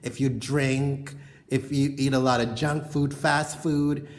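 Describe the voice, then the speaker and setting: A woman's voice: rumbling low, fairly even intonation, takes it slowly. Frank rambling woman vlogging from bedroom. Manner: frank, rambling, heavy on "you know" fillers. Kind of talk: casual chat to camera. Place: bedroom at home.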